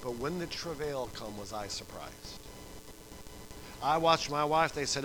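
A middle-aged man preaching a sermon, telling stories with acted-out voices and swinging from soft to loud. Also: fairly high pitch, expressive, normal speed, slight background noise, low-quality recording. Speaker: pastor.

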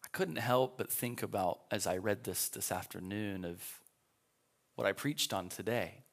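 A man's voice: fairly low pitch, unhurried. A male pastor teaching a live Sunday school class in a church, chatting casually and reading scripture aloud before explaining it.

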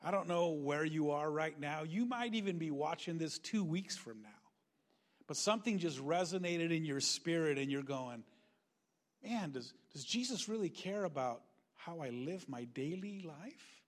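Brief: man preaching a sermon, higher voice, animated, acts out the voices he quotes. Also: normal speed. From Northern California. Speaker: pastor.

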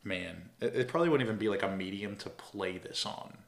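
Deep-voiced man in rambling casual chat. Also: animated, brisk, gravelly, echoey room. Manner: rambling, many fillers and restarts. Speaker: podcast co-host.

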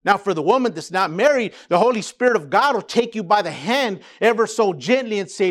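A man preaching a sermon as pastor, building emphasis and dropping low for quiet asides. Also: animated, brisk, few pauses.

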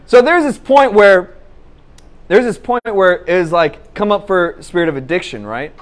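High-voiced young preacher telling stories. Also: male voice, normal speed. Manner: animated, laughs at his own story, many restarts. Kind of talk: conversational sermon with storytelling.

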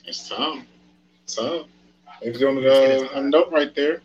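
A man moderating a casual debate, brisk as he calls time and hands over turns, heard on dull lo-fi remote audio. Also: medium pitch, a little mellow, slight background noise.

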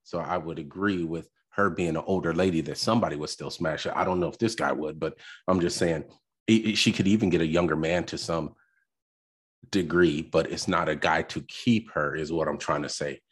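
A man's voice: a bass voice, steady tone, brisk, breathy edge. A man hosting a podcast, reacting to a clip with blunt, opinionated, rambling commentary. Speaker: podcast host.

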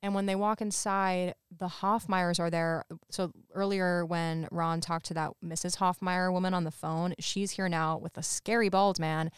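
A woman's voice: fairly low pitch, steady tone, normal speed, few pauses, clean tone, dry recording, clean studio sound. A woman co-hosting a podcast, chatting casually and retelling movie scenes by quoting the characters. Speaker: podcast co-host. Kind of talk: casual chat recapping a movie.

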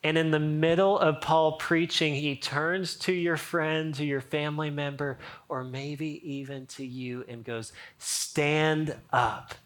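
A man's voice: a little high, flat delivery, measured pace, few pauses. A male pastor giving a sermon, chatting and joking with the congregation and reading scripture aloud with mounting energy. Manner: humorous, conversational, reads scripture aloud with rising energy.

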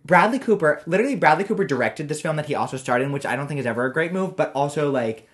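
A woman's voice: low voice, expressive, rapid-fire. A woman co-hosting a podcast, chatting casually and animatedly, with lots of "like" and acted-out quotes. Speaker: podcast co-host. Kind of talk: casual chat.

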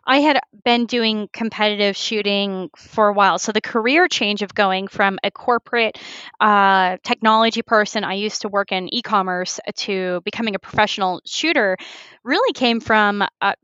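Chatty woman with a high, dry voice. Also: smooth, dry recording, dull audio. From Houston, Texas. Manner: chatty and animated, laughs often, many fillers. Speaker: guest, professional competitive shooter. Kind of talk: casual interview chat.

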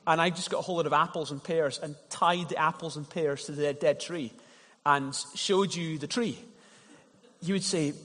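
A man's voice: fairly high pitch, fairly bright tone. A man preaching a sermon as pastor, telling stories in a conversational way and often repeating words as he starts a thought. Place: church hall. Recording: long reverb of a church hall.

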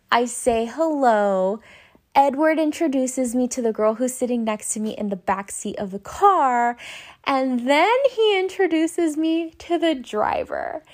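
A young woman hosting a podcast, telling a personal story casually and animatedly, swearing and acting out her own panicked lines. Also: sits high. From Southern California. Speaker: podcast host.

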